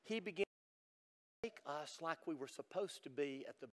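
A middle-aged man preaching a sermon to his congregation, swinging from loud emphatic lines to hushed, almost whispered ones. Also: fairly high pitch, lively intonation, normal speed, long reverb tail. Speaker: pastor. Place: church service.

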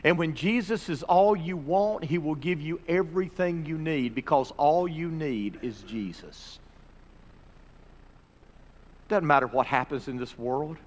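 A male pastor delivers a sermon in a slightly raised pitch. He swings between emphatic, swelling declarations and hushed, earnest appeals. The voice rings out with a long reverb, as in a church sanctuary. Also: moderate pace, few pauses. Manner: preaching with swelling emphasis, dropping to soft pleas. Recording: reverberant hall recording.

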